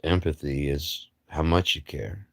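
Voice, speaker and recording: A man's voice: extremely low pitch, fairly even intonation, measured pace, vocal fry, fairly bright tone, no echo, clean studio sound. A man hosting a livestream, rambling through a blunt, profane philosophical monologue full of rhetorical questions and mocking asides. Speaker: livestream host.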